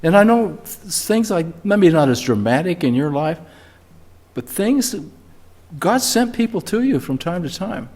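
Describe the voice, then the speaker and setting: An older man preaching a sermon in a church, talking in a relaxed storytelling way and rising emphatically on key words. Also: high voice, a little slow. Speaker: pastor. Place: church sanctuary.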